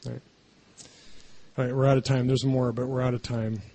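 A man's voice: medium pitch, level tone, moderate pace, warm tone, slight background noise. A man preaching a conversational sermon, often checking in with the congregation by asking "right?". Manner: chatty, keeps adding "right?". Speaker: pastor.

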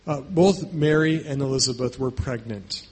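A man's voice: medium pitch, normal speed, husky. A man preaching a sermon in a conversational way, often checking in with "right?" and acting out quotes with emphasis. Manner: emphatic, acts out quotes in raised voice. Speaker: pastor.

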